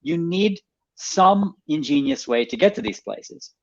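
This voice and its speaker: Male author guest, higher voice, dry dull-sounding line, animated storyteller. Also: measured pace, vocal fry, no echo. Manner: animated explainer, restates points, laughs lightly. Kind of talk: storytelling in a radio interview.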